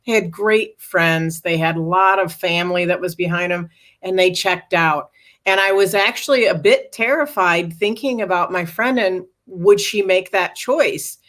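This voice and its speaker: A middle-aged woman with a fairly low voice speaks a little slowly as a guest author and speaker in an interview. She earnestly recounts a personal story, bringing it to life with acted-out quotes.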